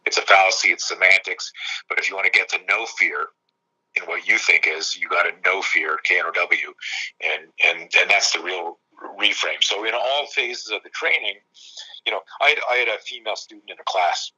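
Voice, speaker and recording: Animated, bright-voiced male coach. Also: deep voice, normal speed, husky, dull audio. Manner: animated, profane, acts out quoted dialogue. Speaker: self-defense coach. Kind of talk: casual storytelling in a conversation.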